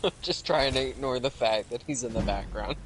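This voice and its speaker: A woman hosting a livestream, chatting excitedly about a game and swearing and laughing often. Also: extremely low pitch, fairly quick. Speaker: livestream host. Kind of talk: casual gameplay chat. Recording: noisy stream audio.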